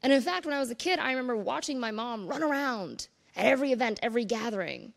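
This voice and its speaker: A woman's voice: fairly high pitch, animated, quick pace, gravelly. A woman giving a conference keynote in an earnest, conversational way, with casual asides to the audience. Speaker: conference speaker. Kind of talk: keynote talk.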